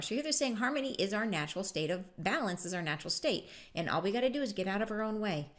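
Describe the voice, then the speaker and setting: A woman's voice: medium pitch, animated, fast talker, few pauses. Chatty reflective woman spiritual teacher. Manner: reflective, chatty, laughs often, many fillers. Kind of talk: relaxed spiritual talk.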